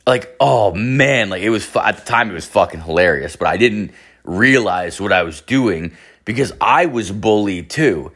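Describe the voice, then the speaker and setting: A man's voice: lowish voice, lively intonation, normal speed, fairly bright tone. Rambling, foul-mouthed young man telling a story. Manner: rambling, profane, heavy on filler. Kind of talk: casual storytelling.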